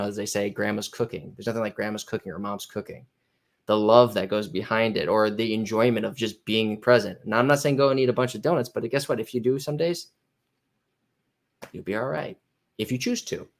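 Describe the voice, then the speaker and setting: A personal trainer chats on a podcast in a low voice, rambling through long points. He restarts his sentences often and slips into quoted voices of his clients. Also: a little fast. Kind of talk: casual podcast conversation.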